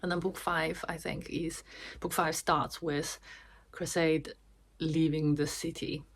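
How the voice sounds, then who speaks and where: A woman's voice: deep voice, level tone, slow. A woman vlogger giving a chatty, casual summary of a book, with restarts and small laughs.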